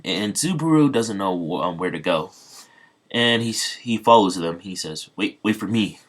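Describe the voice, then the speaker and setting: A man's voice: low voice, lively intonation, a little slow. A man casually retelling an improvised fan story, rambling with many fillers and restarts.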